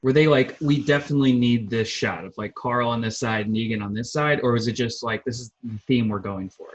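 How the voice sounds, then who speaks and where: Man, interview host, relaxed questions, muffled lo-fi audio. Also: medium pitch, a little fast. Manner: relaxed, brief follow-up questions. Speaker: podcast host.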